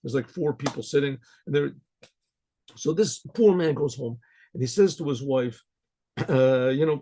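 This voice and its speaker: A man, a rabbi, telling a folk tale in a loose, rambling way, repeating words and often clearing his throat. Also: mid-range voice, moderate pace, long pauses, warm tone. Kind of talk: storytelling to an audience.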